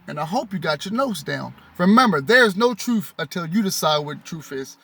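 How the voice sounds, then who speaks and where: Man, bright voice, reading aloud, preachy asides, rereads and self-corrects, dry recording. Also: fairly high pitch, expressive, brisk, few pauses, no room sound. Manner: rereads passages, stumbles and corrects himself; addresses listeners directly in casual vernacular. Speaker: spiritual teacher reading and commenting.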